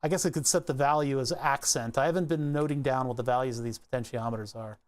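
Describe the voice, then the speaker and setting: A streamer in a chill livestream, talking at a medium pitch, unhurried and half to themselves. Sentences trail off and get corrected along the way, like someone thinking out loud while working. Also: steady tone. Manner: muttering to self, frequent self-corrections. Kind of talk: relaxed think-aloud livestream narration.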